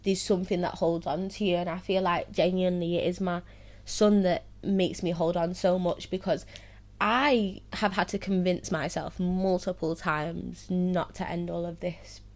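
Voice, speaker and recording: A woman's voice: lowish voice, fairly even intonation, moderate pace, darkish tone. Young woman telling her story. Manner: laughs often while telling painful stories; heavy use of "like" and "so, yeah". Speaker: host of her own series. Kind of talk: candid personal storytelling.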